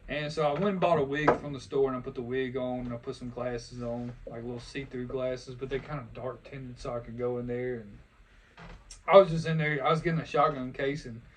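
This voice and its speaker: A man's voice: mid-range voice, steady tone, a little fast. A young man, telling profane, laughing stories in a casual podcast chat. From Louisiana, US. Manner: laid-back, profane, laughing storyteller. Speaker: podcast host. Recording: distant mic with faint noise.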